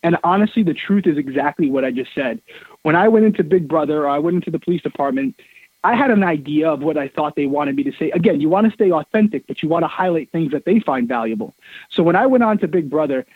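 A man's voice: on the high side, fast, husky, no echo. A man in his thirties, a guest on an interview show, talking emphatically and telling stories, heard over a dry phone line. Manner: emphatic, repeats words, lively storyteller. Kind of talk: casual interview talk, storytelling.

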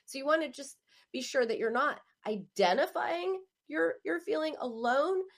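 A woman speaking as an author giving advice, emphatic and animated, often acting out quoted phrases. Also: sits high, normal speed. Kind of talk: spoken advice monologue.

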